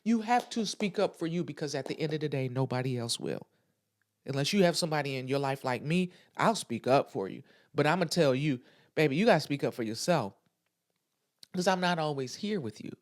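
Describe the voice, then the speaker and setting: A woman's voice: low voice, animated, brisk. A woman hosting a podcast, talking frankly and emphatically to her listeners and repeating phrases for stress. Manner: talks straight to listeners, frank and blunt. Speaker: podcast host. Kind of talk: casual motivational podcast monologue.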